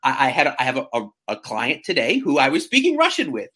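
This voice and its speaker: A man in his thirties chatting casually as a guest, animated and self-mocking, often stumbling over restarts. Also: mid-range voice, fast, husky. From central New York. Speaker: guest, real estate agent. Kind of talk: casual chat.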